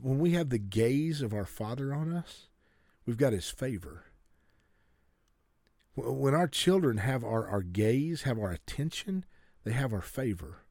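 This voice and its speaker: A man's voice: mid-range voice, darkish tone, dry recording, clean studio sound. A man preaching a sermon to a congregation, urging them earnestly and often stumbling and restarting his sentences. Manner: earnest exhortation with stammered restarts.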